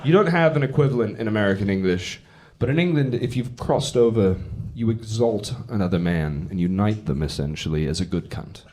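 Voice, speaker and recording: A man's voice: fairly low pitch, lively intonation, a little fast, hardly any pauses, a little mellow. A man performing a profane, brash stand-up comedy set on stage, telling stories and acting out the people in them. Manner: brash, profane storytelling with acted-out quotes. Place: comedy club stage with a live audience. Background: audience laughter.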